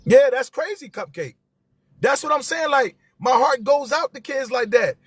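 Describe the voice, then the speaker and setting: A man's voice: very high voice, animated, normal speed, slightly rough, no echo, clean studio sound. A man, hosting a live stream and talking to viewers with passion, repeating his key phrases for emphasis.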